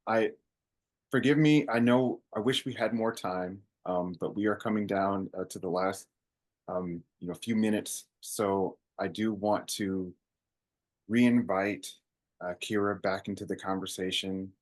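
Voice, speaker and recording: Male moderator, lower pitch, affirming, filler-heavy delivery. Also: fairly even intonation, unhurried. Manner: warm affirmations, many fillers. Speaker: host. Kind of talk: moderating a panel conversation.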